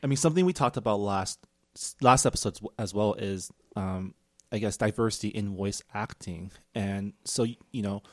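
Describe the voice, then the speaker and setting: A man's voice: on the low side, normal speed, dry recording, studio quality. A man co-hosting a casual podcast, talking hesitantly and laughing often. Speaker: podcast co-host.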